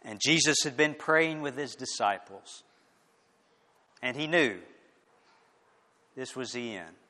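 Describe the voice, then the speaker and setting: A man preaching a sermon, swinging from loud, emphatic declarations to hushed, quiet lines. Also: medium pitch, lively intonation, takes it slowly. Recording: echoey hall with long reverb.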